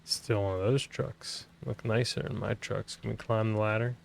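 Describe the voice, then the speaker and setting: A man's voice: on the low side, fairly even intonation, moderate pace, vocal fry, a little hiss or hum. A man giving casual let's-play commentary, sounding tired and mumbly, with offhand swearing. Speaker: gaming streamer.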